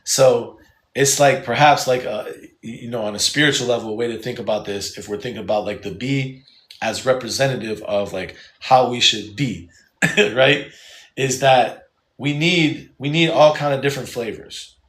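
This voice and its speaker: A man's voice: mid-range voice, moderate pace, fairly bright tone, roomy sound. A man teaching a live Quran class, casual and joking, often restarting his sentences.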